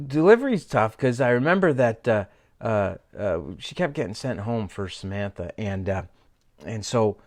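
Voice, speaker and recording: A middle-aged man, a pastor telling a personal story in a sermon, animated and self-mocking, with many fillers and restarts. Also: on the low side. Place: church sanctuary.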